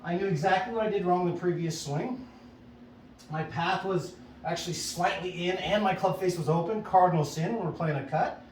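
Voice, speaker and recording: A chatty, upbeat man coaching golf out at a driving range, his voice a bit high for a man. He is picked up from some distance, with a roomy echo and a faint outdoor ambience. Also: moderate pace, a little hiss or hum. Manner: upbeat, chatty, self-coaching with frequent "right?". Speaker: golf instructor. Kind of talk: casual range-session coaching.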